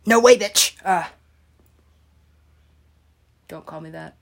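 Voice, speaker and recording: A woman's voice: on the low side, slow, vocal fry. A woman rambling through a comedic commentary, swearing and giggling often.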